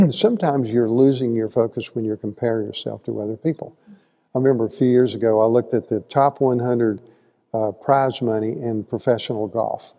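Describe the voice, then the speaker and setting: A man's voice: medium pitch, normal speed, mellow, in a large hall. A man teaching a conversational Bible class, folksy and asking the listeners questions as he goes. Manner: folksy, asks the audience questions, acts out quotes. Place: church hall.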